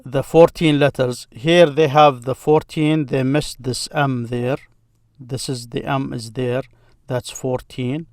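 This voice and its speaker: Slow, patient male teacher. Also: mid-range voice, fairly even intonation, a little mellow, dry recording, clean studio sound. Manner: slow and patient, repeats words to model pronunciation. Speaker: Arabic teacher. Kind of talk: screen-share grammar lesson.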